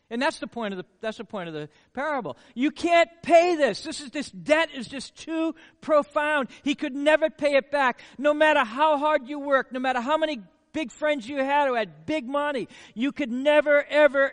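Man preaching, very high voice, lingering hall echo, emphatic repetition, rhetorical questions. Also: a bit bright. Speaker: pastor. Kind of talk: sermon. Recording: long hall reverb.

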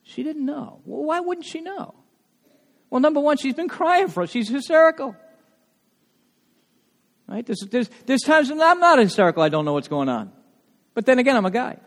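A man preaching with a high, very lively voice that swoops up and down as he tells stories. He often restarts his phrases mid-thought. His voice rings out in a church hall with a long echo. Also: normal speed, long pauses. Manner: animated storytelling with frequent restarts. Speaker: pastor. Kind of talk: sermon.

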